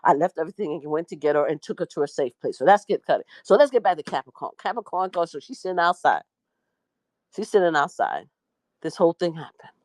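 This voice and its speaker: Animated middle-aged woman retelling a story. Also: no room sound. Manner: animated, slangy, jumps into high voices to act out quotes. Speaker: media personality recapping a trial. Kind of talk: casual storytelling breakdown.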